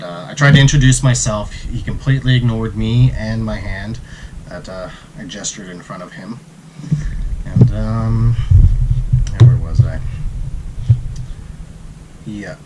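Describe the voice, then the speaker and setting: A man telling a travel story in a relaxed, casual way, acting out the quotes. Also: on the low side, measured pace, long pauses, slight background noise, rough recording. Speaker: travel vlogger.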